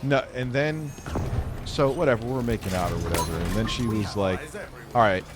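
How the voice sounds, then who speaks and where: A man's voice: lowish voice, fairly quick. Crude storytelling man, music behind. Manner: crude, blunt, animated storyteller. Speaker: streamer and host. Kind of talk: casual profane storytelling.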